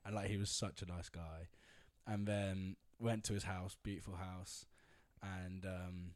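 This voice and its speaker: A man's voice: sits low, little pitch movement, a little slow. A man telling a long rambling anecdote in casual chat, with lots of fillers and laughter. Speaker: storyteller guest.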